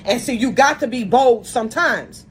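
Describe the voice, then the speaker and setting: A woman's voice: fairly high pitch, normal speed, slight background noise, low-quality recording. A woman giving a casual, emphatic monologue to her viewers, repeating herself as she lectures them. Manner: often opens phrases with "see" and "look".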